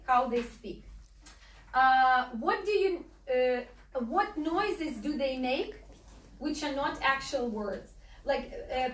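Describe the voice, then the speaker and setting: A woman's voice: sits high, slight background noise. A woman from Ukraine with a Ukrainian accent, a native Russian speaker, teaching a class with many fillers and frequent "okay?" checks. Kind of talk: classroom instruction. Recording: echoey room, mic far off.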